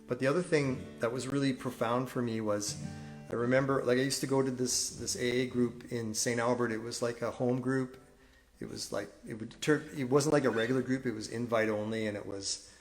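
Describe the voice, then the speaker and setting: A man's voice: mid-range voice, vocal fry. Reflective man telling a confessional story. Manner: reflective and confessional, halting with restarts. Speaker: singer-songwriter streaming a live concert. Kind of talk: candid storytelling between songs. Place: at home. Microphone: phone, wearing headphones.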